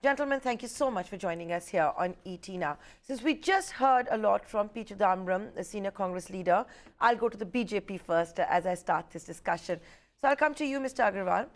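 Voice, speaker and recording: Brisk woman news anchor. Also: mid-range voice. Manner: brisk, probing questions with fillers. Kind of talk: television news interview and panel hosting.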